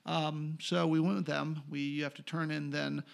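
Middle-aged TV producer guest from North Carolina, gravelly, somewhat high voice, animated storyteller. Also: male voice, normal speed. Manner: animated, acts out others' lines. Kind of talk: casual storytelling interview.

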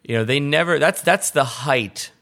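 Bright, chatty male podcast host. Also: mid-range voice, normal speed. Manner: chatty, animated, rambling asides. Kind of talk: casual interview chat.

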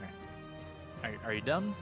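A man's voice: on the low side, big pitch swings, measured pace, a bit bright, soft background music. A man co-hosting a podcast, chatting casually and animatedly as he recaps a TV episode, laughing often and swearing now and then. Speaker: podcast co-host.

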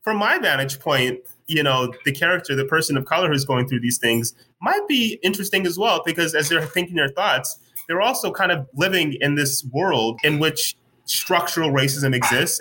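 A man talking in a relaxed interview, thoughtful and searching, with many fillers and restarts as he works through his ideas. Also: on the high side, moderate pace, a little hiss or hum, rough recording. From United States. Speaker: guest writer. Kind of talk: casual conversational interview.

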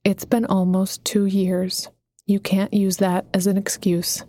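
A woman voicing a warm, upbeat mentor woman who calls people honey, in an audiobook. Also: medium pitch, measured pace, lightly acted. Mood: calm, firm. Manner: cheerful, calls others honey.

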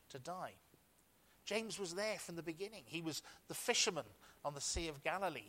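A man's voice: high-pitched, a bit bright. A male pastor delivering a sermon in church, telling a story with frequent restarts before reading scripture.

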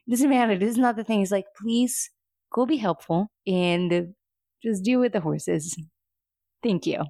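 A woman co-hosting a casual recap chat about a TV episode, playful and joking with quick quips. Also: mid-range voice, mellow, no room sound, studio quality. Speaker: podcast co-host.

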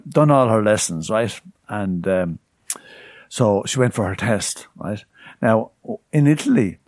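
A man's voice: fairly low pitch, dry recording. A man co-hosting a podcast, telling a rambling story and tagging on "right?" again and again. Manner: rambling, keeps asking "right?". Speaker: podcast co-host. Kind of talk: casual anecdote telling.

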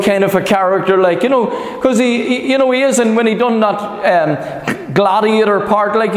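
A male pastor preaching a sermon in a rambling, filler-heavy style, acting out the quotes. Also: high voice. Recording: echoey hall.

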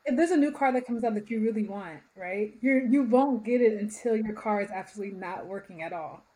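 A woman who founded a company, chatting as an interview guest, upbeat and quick to laugh. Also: medium pitch, dark tone, poor audio. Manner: cheerful, laughs often, upbeat. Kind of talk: casual interview chat.

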